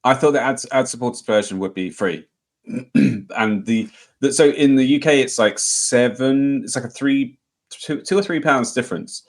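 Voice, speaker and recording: A man's voice: mid-range voice, moderate pace. A British man co-hosting a casual podcast chat, joking with heavy sarcasm. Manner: playful, deadpan sarcasm. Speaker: podcast co-host.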